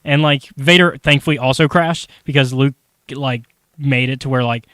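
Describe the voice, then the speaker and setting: In studio-quality audio without echo, a man with a mid-range, fairly bright voice chats as a podcast host. His comic recap wanders, and he slips into quick character voices along the way.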